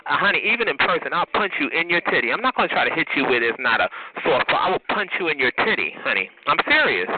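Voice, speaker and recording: A man's voice: on the high side, very animated, fast, few pauses. A man hosting a community call-in show, delivering a heated, profane, taunting rant at a caller, sprinkling in "honey" and "bitch.". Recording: noisy phone-line audio.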